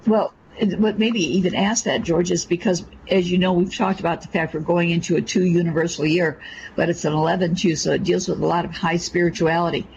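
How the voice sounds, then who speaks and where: A man's voice: high voice, fairly even intonation, a little fast, creaky, a little mellow. A man co-hosting a radio interview, asking his guest questions with brief, sympathetic comments. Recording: dull lo-fi sound with faint noise.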